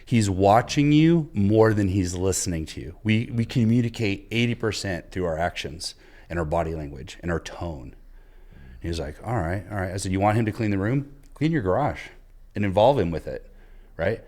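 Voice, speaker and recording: A man's voice: deep voice, lively intonation, normal speed, a little mellow. A man on a podcast giving earnest coaching advice, retelling a conversation he had. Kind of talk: casual advice talk.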